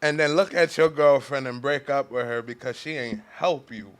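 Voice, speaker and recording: A man's voice: medium pitch, moderate pace, smooth. A man in casual podcast chat, slangy, profane and emphatic.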